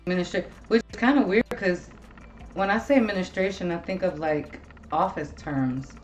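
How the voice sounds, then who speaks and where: Seorang wanita paruh baya yang mengobrol santai dan bertele-tele sebagai pembawa acara podcast, sering mengumpat dengan gaya yang hidup. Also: female voice, on the low side, normal speed, a little hiss or hum. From Ohio. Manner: swears a lot, rambling and animated. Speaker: podcast host. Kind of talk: casual chat.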